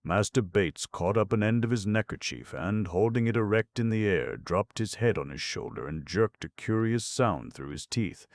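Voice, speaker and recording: A man narrates a classic novel in a very deep, gravelly voice. His delivery is measured and his pitch moves in a lively way. The recording is dry, with no room sound. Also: no room sound. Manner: measured storytelling. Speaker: audiobook narrator. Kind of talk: scripted narration.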